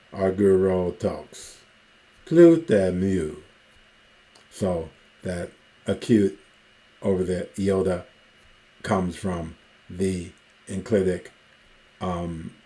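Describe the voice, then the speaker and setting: Male teacher, deep voice, unhurried and methodical, lecture delivery with frequent pauses. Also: warm tone. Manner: slow, methodical, pausing often with ums. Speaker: Greek teacher. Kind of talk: recorded grammar lecture.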